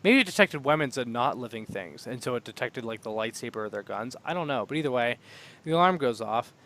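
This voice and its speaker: A man's voice: medium pitch, lively intonation, fast, fairly bright tone. A young man co-hosting a podcast, rambling in casual chat and laughing often. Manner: rambling, laughs often, acts out silly droid voices. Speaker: podcast co-host.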